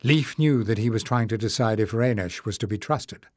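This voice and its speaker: A man reading a fantasy audiobook as narrator, in a measured storytelling delivery. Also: on the low side, darkish tone, no room sound, clean studio sound.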